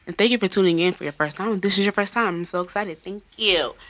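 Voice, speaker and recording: A woman's voice: medium pitch, fast, fairly bright tone. A woman hosting a casual podcast, talking loosely, swearing and laughing often. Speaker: podcast host.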